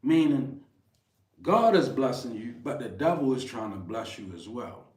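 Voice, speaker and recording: This card reading co-host has a medium-pitched voice with lively intonation and a moderate pace as he earnestly retells a scripture story as a spiritual message. He's off-mic at a distance, in a roomy space with faint noise.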